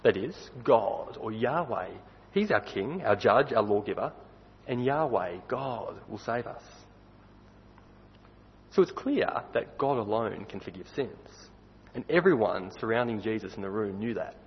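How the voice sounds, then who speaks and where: A man's voice: lowish voice, animated, a little slow, a little hiss or hum. A man preaching a sermon in a conversational way, putting questions to his listeners. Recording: dull recording with long hall reverb.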